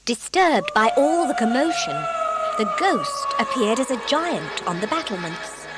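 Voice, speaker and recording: A woman narrating a children's audiobook in a gentle, expressive storytelling manner. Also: high-pitched, measured pace, heavy background noise. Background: soft background music.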